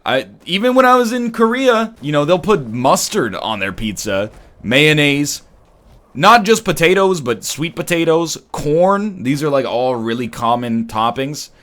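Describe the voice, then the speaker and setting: Lively-voiced man riffing on stream. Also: on the high side, measured pace. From Canada. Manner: rambling, joking and opinionated, riffing on chat comments. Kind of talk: casual chat while gaming.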